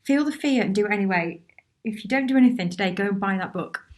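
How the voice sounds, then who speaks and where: Woman host, live Q&A, chatty and encouraging, reads viewers' comments, mid pitch. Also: lively intonation, quick pace. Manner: chatty and encouraging, with many restarts and asides. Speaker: workshop host answering viewer questions. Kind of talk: casual live Q&A.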